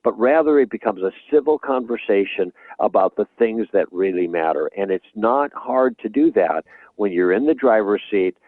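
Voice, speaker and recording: A male guest author explaining his ideas in a measured, conversational way during an interview. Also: on the low side, lively intonation, no room sound. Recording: tinny phone-like remote line.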